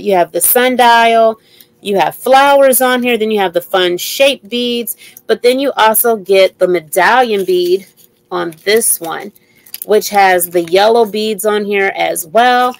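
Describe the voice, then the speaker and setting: A woman's voice: medium pitch, unhurried, gravelly, poor audio. A woman hosting a live jewelry sale, chatting casually and repeating item numbers as she shows each piece. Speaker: live-stream jewelry seller. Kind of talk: casual live sales chat.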